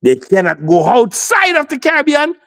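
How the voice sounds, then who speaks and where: A man's voice: very high voice, huge pitch swings, moderate pace, crowd noise. A man arguing heatedly on a sports talk show, insisting and repeating his points. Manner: insistent, repeats himself, talks over others.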